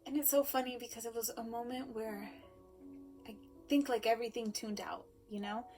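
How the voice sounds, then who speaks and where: A woman giving a personal storytelling speech, emotional, swinging between loud emphasis and hushed asides. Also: on the high side, fairly even intonation, moderate pace, faint music behind. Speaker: speaker.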